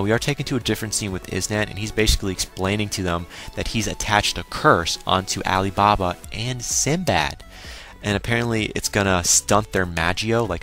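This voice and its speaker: A man's voice: sits low, a bit bright. A young man giving a casual, crude recap of an anime episode and acting out his own reactions. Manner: crude, exclaiming, mock-quoting himself. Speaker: anime reviewer.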